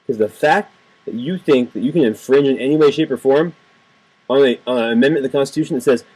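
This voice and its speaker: Angry guy ranting at the camera, kinda husky, keeps hammering the same words. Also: medium pitch, quick pace, darkish tone, rough recording. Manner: heated, indignant, repeats phrases for emphasis. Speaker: political video blogger. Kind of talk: impassioned political rant to camera. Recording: home webcam video.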